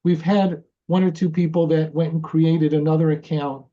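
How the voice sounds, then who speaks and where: A man with an American accent, speaking in a measured way with hesitant restarts in a webinar. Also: fairly high pitch, level tone. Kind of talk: webinar discussion. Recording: dull lo-fi mic.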